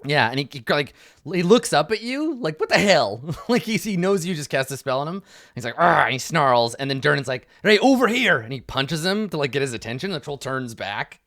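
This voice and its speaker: A man's voice: fairly high pitch, animated, brisk, sharp tone, no echo, clean studio sound. A man narrating as game master in a tabletop game, describing the combat loosely with many fillers and restarts.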